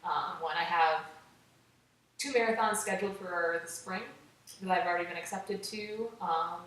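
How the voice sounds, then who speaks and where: A woman telling her story as an interview guest, chatty and animated, with many "like"s. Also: lowish voice, moderate pace. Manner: animated, acts out quotes, many "like"s. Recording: echoey room, distant mic, faint noise.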